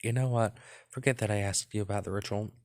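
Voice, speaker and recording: A man voicing a shy young female oni housemate in a soft, hesitant way, close to his own low voice. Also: steady tone, fast, natural voice. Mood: flustered.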